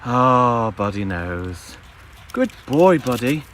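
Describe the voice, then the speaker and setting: A man's voice: mid-range voice, very animated, a little fast, a bit bright, slight background noise. A man live-streaming outdoors in a wooded park on his phone, chatting to viewers and his dog. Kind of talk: casual live-stream chat.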